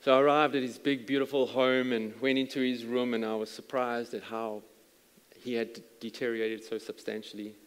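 A man preaches at a middle pitch, in an earnest storytelling manner that trips over repeated words. His voice rings out with a long reverb tail, as if recorded in a large church hall. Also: flat delivery, fairly quick, smooth. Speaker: pastor. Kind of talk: sermon storytelling.

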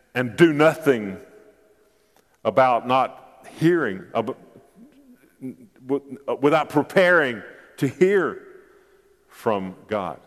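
An older man preaching a sermon as pastor, animated and joking, often repeating his words and leaping up in pitch for asides. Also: long reverb tail.

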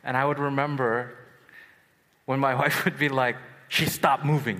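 A man in his thirties preaching a sermon at a youth retreat, telling a personal story with swings from hushed to excited. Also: mid-range voice, normal speed. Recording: long hall reverb.

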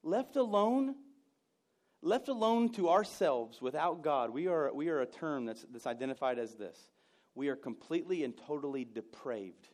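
A pastor in his late thirties preaches with lively, animated storytelling, slipping into playful asides and laughing along with his own stories. His voice sits a little higher than most men's. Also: moderate pace. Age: 30s. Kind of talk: sermon.

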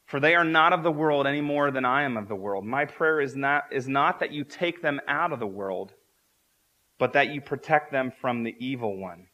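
Bright-voiced male preacher, earnest. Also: medium pitch, moderate pace, dull audio. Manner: earnest, repeats key phrases for emphasis. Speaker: pastor. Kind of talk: sermon.

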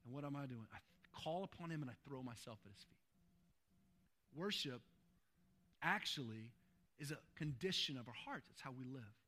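A male pastor preaching a sermon, swinging between hushed, slow lines and loud, fervent passages. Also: medium pitch, animated.

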